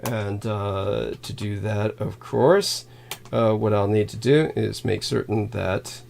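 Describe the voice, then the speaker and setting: Slow, halting man hosting a livestream. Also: on the low side, steady tone, gravelly, darkish tone, slight background noise. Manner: halting, filler-heavy, reads donor thanks aloud; given to sudden laughs and swearing. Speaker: livestream host. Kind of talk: rambling livestream monologue.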